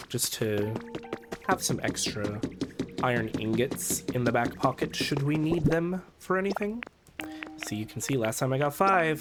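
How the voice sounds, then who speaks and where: A man streaming a video game, talking casually and campily to his chat with jokey asides. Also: mid-range voice. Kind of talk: casual gameplay commentary. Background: game music.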